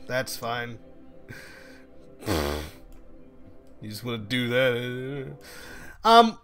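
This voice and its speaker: A man streaming while he works, chatting casually and joking with a friend. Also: mid-range voice. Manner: joking, animated, trails off while focused. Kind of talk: casual chat while working.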